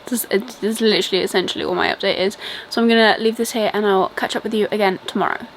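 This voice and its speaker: With a quick pace and fairly even intonation at medium pitch, a young British book vlogger talks loosely through her reading update, dropping lots of ums and likes. Some hiss or hum marks the rough recording.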